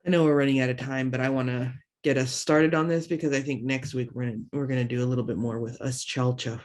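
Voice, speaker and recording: A woman teaching a language lesson online through a computer mic, slowly repeating words for learners and adding chatty asides in between. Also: a bass voice, fairly even intonation, a little mellow. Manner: slow drawn-out word repetitions for learners; chatty asides with self-teasing.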